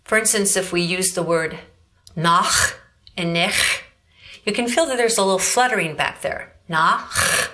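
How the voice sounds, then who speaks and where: A woman teaching a vocal lesson in a clear, bright voice, explaining step by step and coaxing her student to repeat each sound back. Her pitch sits in the middle for a woman. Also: fast talker, few pauses. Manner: directive, demonstrates growls and coaxes the student. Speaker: vocal coach. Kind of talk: instructional demonstration.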